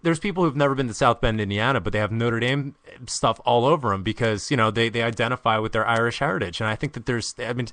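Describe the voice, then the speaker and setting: A man's voice: mid-range voice, fast talker, hardly any pauses, fairly bright tone, dry recording. An American man hosting a podcast, casual and enthusiastic, with slangy talk and repeated words. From United States. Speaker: podcast host.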